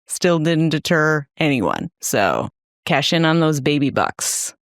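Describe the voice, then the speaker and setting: A young woman co-hosts a podcast, trading playful, teasing banter in a casual chat. Her voice is low with big pitch swings, her pace is slow, and there's no echo.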